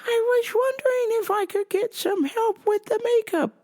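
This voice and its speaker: A woman voicing a tiny, polite, old-fashioned grandma, who speaks slowly and sweetly. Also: extremely high pitch, a little mellow, voice pushed up.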